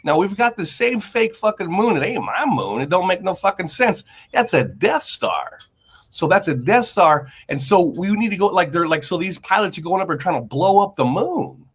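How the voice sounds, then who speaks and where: Man, husky high voice, swings up and down in pitch, rambling, profane, mock-conspiracy chat. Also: animated, brisk, hardly any pauses. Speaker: podcast co-host. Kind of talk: casual chat.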